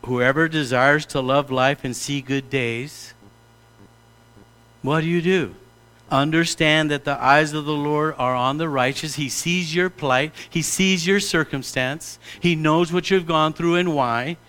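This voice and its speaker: Animated, bright-voiced male pastor preaching. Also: fairly high pitch, unhurried, clear, resonant tone. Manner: animated, mock-pompous asides. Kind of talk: sermon.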